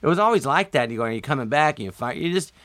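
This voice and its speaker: A man's voice: medium pitch, lively intonation, racing, fairly bright tone, no echo, clean studio sound. An older man, a guest on a talk show, telling stories casually and acting out quoted voices with animation. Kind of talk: casual storytelling.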